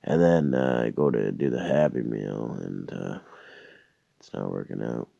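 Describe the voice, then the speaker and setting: A man's voice: rumbling low, measured pace, vocal fry, mellow, no room sound. A man from Canada telling a profane, rambling comedic story, full of stammered restarts. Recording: dull lo-fi dry recording.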